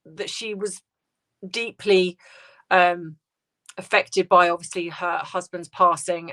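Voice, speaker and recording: A woman hosting a casual livestream, reading out viewer comments and answering in a soft, hesitant, sympathetic way with many restarts. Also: lowish voice. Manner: sympathetic, tender replies to viewers.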